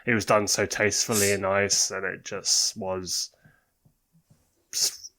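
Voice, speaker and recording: Man, low voice, podcast co-host, casual chat, self-deprecating, laughs a lot. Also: level tone, slow, sharp tone.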